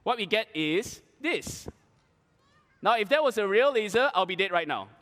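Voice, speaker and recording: A man preaching to an audience, telling an animated, dramatic story with playful asides. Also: sits high, normal speed, in a large hall. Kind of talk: storytelling sermon.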